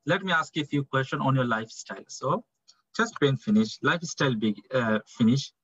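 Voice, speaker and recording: A man's voice: medium pitch, animated, a little fast, a bit bright, husky, no echo. Guy from bangladesh teaching doctors, says stuff twice, dry muffled audio. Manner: repetitive, acts out doctor-patient dialogue. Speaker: clinical teaching fellow. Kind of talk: online medical teaching session.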